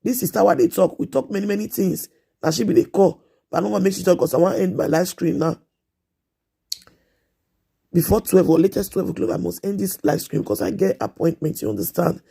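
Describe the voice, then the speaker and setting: Husky Nigerian woman, gravelly and pleading. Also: lowish voice, brisk, mellow. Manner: repetitive, pleading, earnest. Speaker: live streamer giving advice. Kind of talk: casual live stream advice talk.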